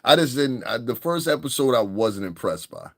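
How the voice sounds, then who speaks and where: A man's voice: medium pitch, animated, moderate pace, fairly bright tone, dry recording, clean studio sound. Blunt, profane man ranting on his podcast. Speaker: podcast host. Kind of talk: casual commentary monologue.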